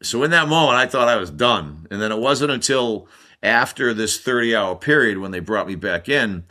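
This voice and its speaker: This former Olympic hockey player, an American in his sixties, talks at a moderate pace in a medium-pitched voice. As a podcast guest, he animatedly spins a long tale, playing the various characters himself.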